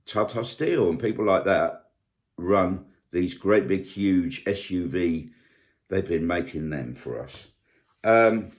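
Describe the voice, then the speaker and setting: An older man, talking in a casual vlog monologue and listing examples with indignant emphasis. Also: sits low. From United Kingdom. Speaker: vlogger.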